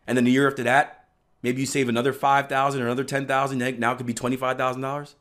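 A man's voice: mid-range voice, flat delivery, rapid-fire. Guy coaching traders, pushy emphatic talk, keeps saying right, mid voice. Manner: emphatic, repeats "right?" often, bursts of loud stress. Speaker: trading coach. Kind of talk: motivational teaching talk.

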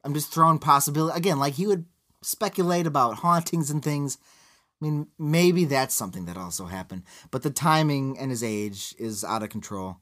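A man's voice: medium pitch, lively intonation, normal speed, fairly bright tone. A man, co-hosting a podcast in casual banter, rambling and sarcastic with frequent swearing. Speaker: podcast co-host.

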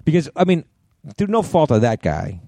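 A man's voice: on the high side, very animated, normal speed, creaky, dark tone, no echo, studio quality. A man co-hosting a podcast, chatting casually about movies in a loose, rambling way and laughing easily. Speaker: podcast co-host. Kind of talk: casual chat.

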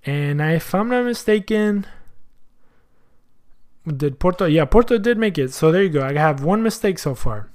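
Dude hosting a soccer podcast, kinda high voice, chatty, slangy, thinking out loud. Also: male voice, lively intonation, normal speed, pauses often. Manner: chatty, thinks aloud, asks himself questions. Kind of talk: casual chat.

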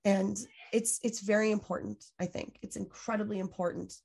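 A woman talks as a guest on a podcast, in a mid-range voice that is neither high nor low. She is earnest and emphatic, leaning on "like" and restarting her sentences. She swears freely as she makes her points. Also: steady tone, moderate pace, gravelly, a little mellow, slightly rough. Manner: frequent "like" fillers, self-restarts. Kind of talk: candid podcast interview.

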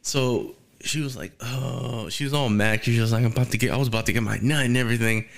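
A man's voice: mid-range voice, fast, vocal fry. A young man telling a rambling, crude story in casual podcast chat, swearing and laughing often. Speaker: storyteller guest.

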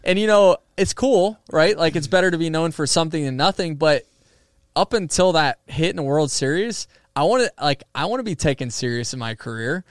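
A man's voice: on the high side, animated, brisk, no room sound, studio quality. A man who plays professional baseball, chatting casually in an interview with lots of fillers and restarts. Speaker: professional baseball player as guest.

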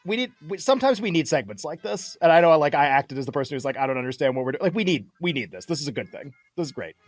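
A man's voice: fairly high pitch, sing-song, rapid-fire, no room sound. A man co-hosting a sports betting show in casual studio banter, laughing easily and teasing playfully.

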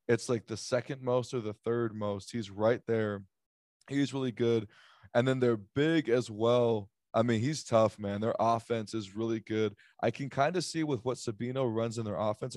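A man's voice: medium pitch, a little mellow, no echo, clean studio sound. A man hosting a casual sports chat, joking and rambling with lots of fillers as he runs through picks. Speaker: sports podcast host.

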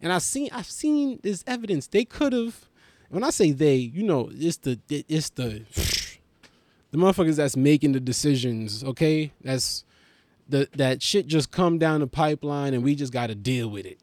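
A man from Haiti hosting a podcast, telling a street story in a casual, profane, animated way and acting out other people's voices. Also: fairly high pitch, normal speed, dry recording. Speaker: podcast host, comedian.

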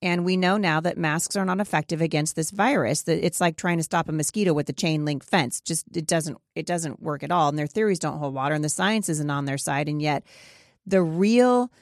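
A woman's voice: low-pitched, a little fast, no echo, studio quality. A woman interviewing a guest, asking probing questions and making emphatic, opinionated points. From Pacific Northwest, USA. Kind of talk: conversational interview.

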